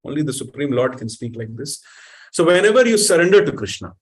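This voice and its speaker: A man giving an animated sermon, questioning the audience and reciting Sanskrit verses. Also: on the high side, a little fast. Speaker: spiritual teacher.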